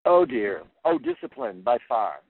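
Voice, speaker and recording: A man's voice: mid-range voice, wildly swooping pitch, a little slow, gravelly. Older man coach on a phone line. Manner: earnest and plainspoken, repeats words as he thinks. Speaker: figure skating coach. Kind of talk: interview answers. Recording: tinny phone-line sound, dry.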